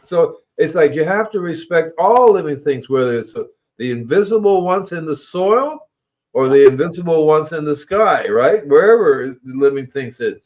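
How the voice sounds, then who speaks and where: A man's voice: lively intonation, moderate pace, a little mellow. A man hosting a gardening livestream, talking casually in a rambling way and repeating his words. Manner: rambling, repeats words, acts out animals in squeaky voices. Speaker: gardening show host.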